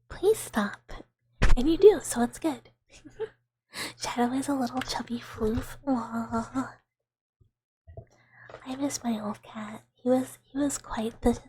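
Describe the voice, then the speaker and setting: A young woman whispering in an ASMR chat stream, soft and giggly, rambling with fillers on a close mic. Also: fairly high pitch, a little hiss or hum.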